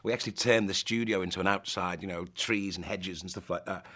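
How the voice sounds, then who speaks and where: A man in an interview recalling filming in a quick, self-mocking way. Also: deep voice, steady tone, bright, forceful tone. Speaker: actor interviewee. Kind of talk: interview reminiscing.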